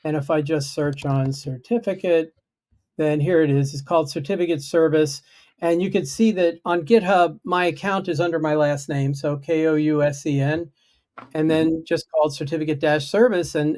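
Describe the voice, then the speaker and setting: A man's voice: on the high side, fairly even intonation, moderate pace, darkish tone. A man chatting casually on a video-call livestream, explaining his project in a self-deprecating way. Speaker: guest programmer.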